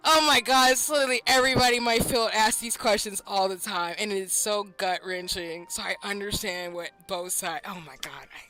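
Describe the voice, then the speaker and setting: A young woman streaming a game, excitable and loud, laughing and swearing as she reacts. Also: medium pitch, a little fast, few pauses, soft background music, poor audio.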